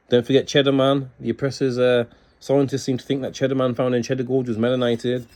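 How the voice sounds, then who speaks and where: A man reading aloud from books and commenting excitedly, ending almost every phrase with "man". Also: medium pitch. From Scotland. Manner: excitable, peppers sentences with "man". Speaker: book reviewer. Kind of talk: casual video talk reading from books.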